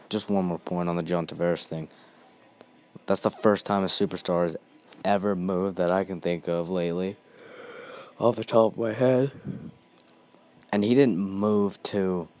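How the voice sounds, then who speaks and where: A man's voice: low-pitched, darkish tone. A young man hosting a ranting monologue, heated and blunt, swearing constantly.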